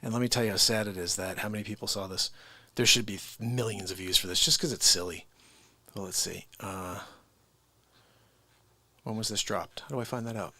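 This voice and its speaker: A man's voice: lowish voice, a little fast, pauses often, sharp tone, no room sound. A man hosting a casual livestream, chatting directly to viewers about his impressions.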